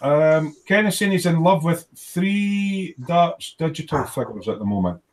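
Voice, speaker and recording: A man's voice: fairly high pitch, lively intonation, measured pace. A man hosting a casual live stream, chatting and reading out viewer comments. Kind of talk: casual chat.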